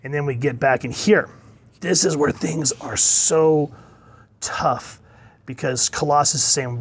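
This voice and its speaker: A man in a casual comic book review, rambling and chuckling, pausing to look things up, and openly enthusiastic about the storytelling. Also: fairly high pitch, husky.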